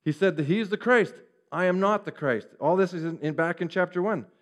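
A man preaching a sermon, animated and acting out the voices of the people he quotes. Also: high-pitched, fairly quick. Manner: animated, acts out quoted speech. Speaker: pastor. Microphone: referring to a screen, preaching to a congregation.

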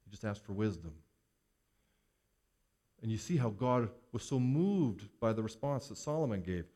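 A man's voice: lowish voice, animated, moderate pace, long pauses, dark tone. A man preaching a sermon to his congregation, using rhetorical questions and acting out the words of Bible figures in short quoted lines. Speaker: pastor.

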